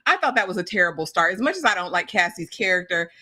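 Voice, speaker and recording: A woman's voice: on the low side, big pitch swings, pushed and bright. A woman guest on a live recap stream giving wry, opinionated takes in casual chat. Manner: wry, opinionated, quick asides. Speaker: guest co-host of a recap show.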